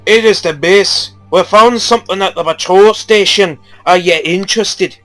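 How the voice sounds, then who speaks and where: A man voicing a gruff male base radio operator in a loud, hammy mock Scottish accent. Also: high voice, normal speed, faint music behind. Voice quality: loud, hammy put-on brogue.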